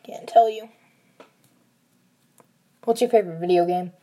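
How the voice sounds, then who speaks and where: A woman's voice: on the low side, measured pace, dark tone, a little hiss or hum. A young woman chatting casually on a close mic beside her sister, teasing and bossy, often dropping into whispers. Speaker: co-host of a video with her sister. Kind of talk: giggly casual chat with whispered asides.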